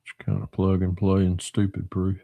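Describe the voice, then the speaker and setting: A man's voice: low voice, monotone, moderate pace, gravelly, warm tone, no echo. A middle-aged man from Northwestern Georgia with a Southern accent, hosting a casual livestream while he builds a model car and answers chat in a folksy drawl.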